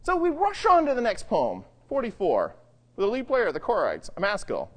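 A Bible teacher lecturing on the Psalms, reading verses slowly and then explaining them in a dramatic, conversational way, dropping to hushed low phrases for emphasis. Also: wildly swooping pitch, big-room sound. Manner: reads scripture slowly, then comments conversationally.

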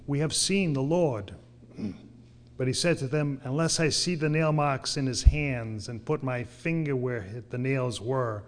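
A man preaching a sermon, reading scripture slowly and then pressing his point with earnest emphasis. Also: mid-range voice. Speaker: pastor.

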